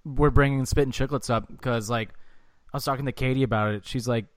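A man's voice: medium pitch, steady tone, brisk, no room sound, clean studio sound. Young man rambling in casual podcast chat. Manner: loose, profane, lots of "like" fillers. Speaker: podcast co-host.

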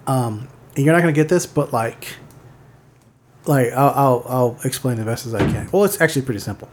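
A man's voice: mid-range voice, lively intonation, fairly quick, background noise. Rambling man chatting about movies. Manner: rambling, heavy use of "like", self-correcting. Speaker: podcast co-host. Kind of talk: casual movie chat.

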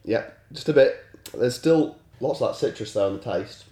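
A man with a head cold co-hosts a casual podcast, explaining things calmly and steadily. His voice is mellow and dark, and the recording has a roomy echo. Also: medium pitch, moderate pace. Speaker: podcast co-host. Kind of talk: casual chat. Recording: roomy sound.

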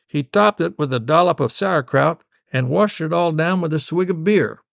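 A man, a storyteller, telling a family story in an unhurried, wry way. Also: on the high side, gravelly, dry recording, clean studio sound.

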